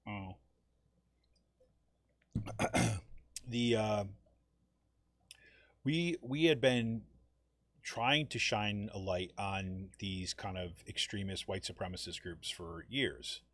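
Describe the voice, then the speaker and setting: A man with a lowish voice hosts a live political podcast, talking off the cuff. He rambles and loops back on himself, peppering every thought with "right?" The sound is dry and close, with no room around it. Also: takes it slowly, pauses often, a bit bright, no room sound. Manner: rambling, frequent "you know" and "right?". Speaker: podcast host. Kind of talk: casual political talk.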